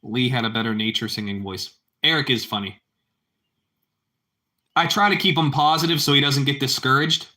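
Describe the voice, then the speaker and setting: A man's voice: medium pitch, normal speed, pauses often, pushed and bright. A man chatting casually with his livestream viewers, rambling and repeating himself, and calling them bro. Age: adult parent. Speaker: livestream host.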